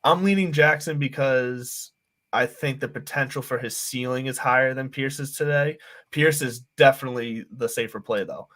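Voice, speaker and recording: A man hosting a fantasy football show, thinking out loud and checking stats as he talks. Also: mid-range voice, fairly even intonation, moderate pace. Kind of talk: casual sports chat.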